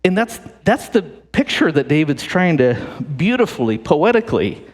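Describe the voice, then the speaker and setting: A married man preaching a sermon to a church congregation, animated and jokey, often repeating and restarting his phrases. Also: fairly high pitch, moderate pace. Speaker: pastor. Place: church sanctuary. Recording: long hall reverb.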